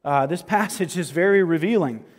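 Male pastor, slightly high voice, earnest sermon delivery with emphatic builds, long reverb of a sanctuary. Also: animated. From American South. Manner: earnest, rising to emphatic peaks, slows for stress.

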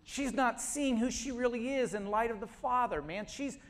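High-voiced man preaching a sermon. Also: normal speed. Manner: storytelling, building to shouted exhortation. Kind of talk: sermon with storytelling.

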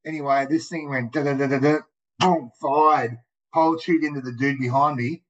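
An Australian man telling rambling, profane skydiving stories in casual, animated talk, full of "mate" and "dude". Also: a little high, moderate pace. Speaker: guest, skydiver. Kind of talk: casual storytelling. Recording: muffled lo-fi audio.

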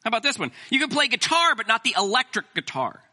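A middle-aged man preaching a sermon as pastor, animated and joking with the congregation. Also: very high-pitched, fast.

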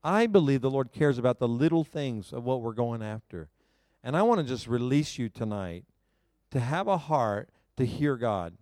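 A male pastor preaching a sermon to a congregation, telling a personal story in an animated, self-mocking way and laughing often. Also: medium pitch, normal speed, dry recording, clean studio sound. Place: church service before a live congregation.

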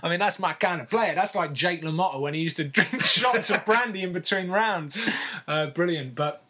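A man telling a story in casual podcast chat, laughing often and filling pauses with ums and uhs. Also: high voice, bright, forceful tone.

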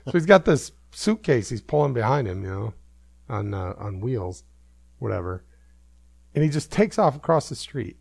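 A podcast host rambling through an anecdote, amused at himself and full of fillers. His voice is gravelly and lively, a little high for a man, recorded close and dry. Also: moderate pace, no room sound. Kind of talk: casual storytelling.

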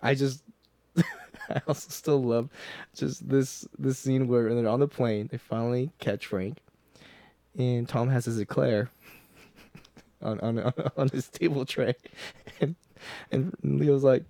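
A man's voice: mid-range voice, steady tone, takes it slowly, vocal fry, pauses often, warm tone, no room sound. A man co-hosting a film podcast in casual chat, rambling enthusiastically and tripping over his words. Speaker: podcast co-host.

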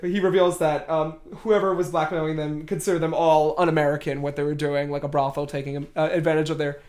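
A chatty podcast host retelling a film scene by scene in a mid-range voice. The delivery is loose and animated, with plenty of "um" and "uh". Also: mid-range voice, a little fast. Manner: animated storytelling with frequent fillers. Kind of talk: casual film recap chat.

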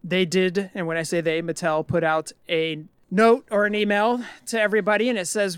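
A man's voice: high voice, steady tone, moderate pace, hardly any pauses, a bit bright, clean tone, no echo. A man co-hosting a casual podcast, ranting in an exasperated way with some mild swearing. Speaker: podcast co-host.

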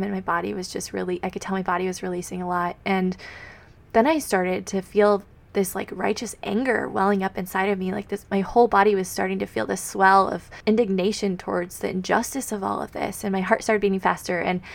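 A woman hosting a podcast, speaking softly and vulnerably in a heartfelt personal faith reflection, partly reading aloud from her journal. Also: mid-range voice, gravelly. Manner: soft and vulnerable, confessional. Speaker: podcast host.

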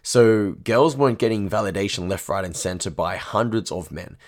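A man's voice: on the low side, moderate pace. A young man, a dating coach, talking bluntly and profanely to his audience, often tagging lines with "right?". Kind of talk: monologue to camera.

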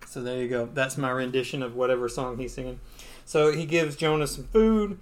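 A man's voice: mid-range voice, brisk. A man co-hosting a podcast, casually retelling a comic book story. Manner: casual, filler-heavy, playful. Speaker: podcast co-host.

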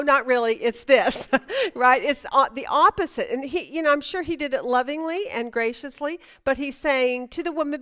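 A woman's voice: high voice, fairly bright tone. A woman teaching a Bible study class, chatty and emphatic, asking her students questions.

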